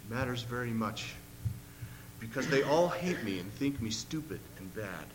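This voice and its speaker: A man's voice: mid-range voice, lively intonation, moderate pace, close to an everyday voice. A man reading the lines of a lonely, hurt boy who answers sullenly and mutters near tears, in a long-echoing hall with a faint hum.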